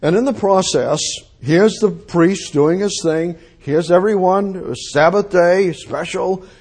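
A man's voice: sits high, slow pace, a little mellow, slightly rough. A man preaching a sermon in an emphatic way, repeating his phrases and breaking into exclamations.

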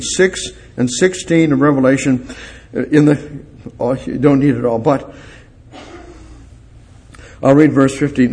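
Older man, preacher, sermon and prayer, emphatic then hushed, mid-pitched voice. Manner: animated, swings from loud emphasis to quiet, reads scripture aloud.

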